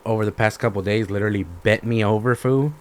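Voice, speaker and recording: Low-voiced slangy guy ranting. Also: fast talker. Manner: slangy, animated storytelling with lots of swearing. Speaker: podcast host. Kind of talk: profane casual rant.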